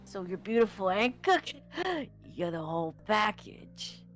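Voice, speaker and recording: A woman voicing a creepy middle-aged man who speaks in a smug, slow and overly formal way. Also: medium pitch, very animated, faint music behind.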